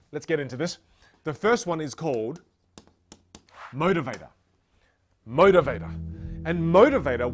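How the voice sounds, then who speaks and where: A man teaching voice technique, explaining step by step. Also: fairly high pitch. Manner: explains step by step, demonstrates with sung syllables. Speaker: voice coach. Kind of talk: teaching to camera.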